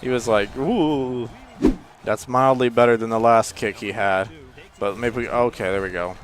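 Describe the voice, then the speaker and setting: A gaming channel host with a fairly low voice casually comments on his own football video game play. He rambles between plays and exclaims loudly whenever something happens.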